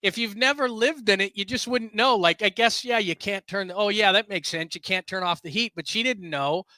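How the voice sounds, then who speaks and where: Middle-aged male sports broadcaster, high bright voice, animated storyteller. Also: a little fast, dry recording. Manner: animated, bursts into shouts when quoting. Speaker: sports radio broadcaster, guest. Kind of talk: casual podcast chat, storytelling.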